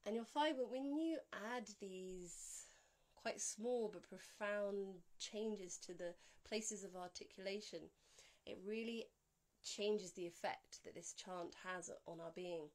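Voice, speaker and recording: A woman teaching how to pronounce a Sanskrit mantra, explaining calmly and clearly. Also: medium pitch. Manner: calm, explanatory, slowing to a drawn-out chant on each Sanskrit word. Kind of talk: spoken pronunciation lesson with chanted examples.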